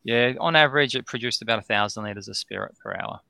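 Excitable Australian man, gravelly and bright. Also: lowish voice, quick pace. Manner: rambling, excitable, lots of "um" and "right?". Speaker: distillery founder, guest. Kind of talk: storytelling in a podcast chat.

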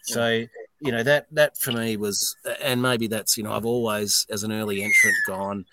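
A man's voice: on the low side, normal speed, heavy background noise. Blunt, swearing Australian man. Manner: blunt, swearing, animated storyteller. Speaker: distillery owner, interview guest. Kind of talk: casual podcast interview.

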